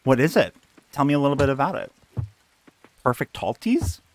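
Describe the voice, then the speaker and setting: A man's voice: medium pitch, sing-song, normal speed. A young man live-streaming a game, chatting playfully and joking about himself. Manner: playful, self-mocking, chatty.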